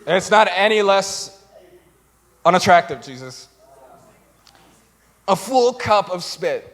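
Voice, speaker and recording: A man's voice: sits high, slow. A young man preaching a comedic sermon, telling stories animatedly and acting out other people's voices. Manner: animated storytelling with acted-out voices. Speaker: pastor. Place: church stage.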